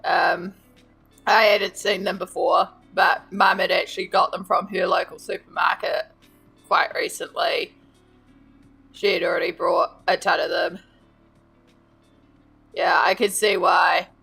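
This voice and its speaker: Slow-talking gravelly woman streamer. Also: fairly low pitch, level tone, bright, forceful tone, soft background music. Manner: chatty, greets and thanks viewers by name. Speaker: art streamer. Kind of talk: casual live-stream chat while colouring.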